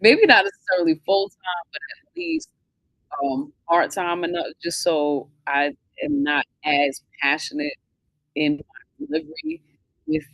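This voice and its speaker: Gravelly-voiced woman coach, lively and thoughtful. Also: on the low side, measured pace, no room sound, low-quality recording. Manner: thoughtful, searching for words with many fillers. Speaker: financial wellness coach hosting a live show. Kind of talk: casual conversation.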